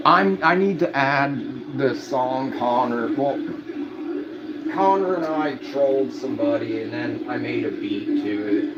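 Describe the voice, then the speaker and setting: A man's voice: medium pitch, lively intonation, measured pace. A man hosting a late-night livestream, rambling and swearing through stories in casual chat. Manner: rambling, heavy swearing, storytelling. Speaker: livestream host. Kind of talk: casual chat to a live audience. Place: home room at night. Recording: dull audio with audible background noise.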